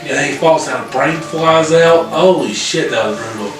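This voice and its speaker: A man casually recapping a horror film's plot, profane and animated, with lots of fillers. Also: fairly high pitch, moderate pace. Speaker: podcast co-host reviewing a horror film. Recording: very echoey room, far from mic, music behind.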